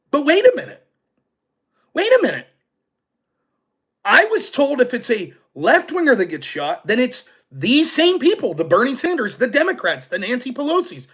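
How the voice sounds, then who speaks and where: Animated, sarcastic male political host. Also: extremely high pitch, moderate pace, slightly rough. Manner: animated and sarcastic, mocking opponents; chats with live chat readers. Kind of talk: casual political commentary stream.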